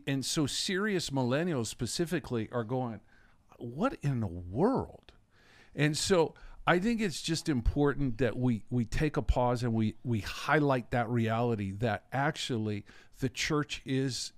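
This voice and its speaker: A man co-hosts a faith podcast, pressing his points in a deliberate, emphatic way. His voice is mid-range and recorded dry and close. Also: medium pitch, no echo. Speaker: podcast co-host. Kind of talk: conversational interview.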